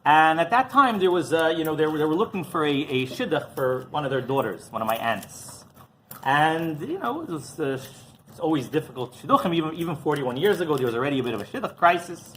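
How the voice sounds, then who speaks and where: A man's voice: big pitch swings, a little fast, a bit bright, slight background noise. A man, a rabbi, telling stories in an informal talk, often asking "right?" and acting out the people in them. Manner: conversational storytelling, frequent "right?" and "you know"; acts out quoted voices with big pitch jumps.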